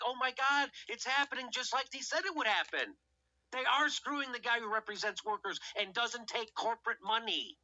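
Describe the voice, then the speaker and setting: A man's voice: high-pitched, pushed and bright, dry recording. A man hosting a political show, ranting heatedly and sarcastically, swearing often and firing off rhetorical questions. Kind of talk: profane political commentary rant. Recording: dull lo-fi recording.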